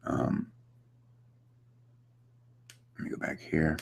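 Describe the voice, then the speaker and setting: A man's voice: drawn-out words, slight background noise. A man hosting a live online question-and-answer session, chatty and upbeat, talking loosely with plenty of fillers as he reads out viewer questions. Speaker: host of a live online Q&A chat. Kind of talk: casual coaching chat, reading viewer questions. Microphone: computer setup with screen share.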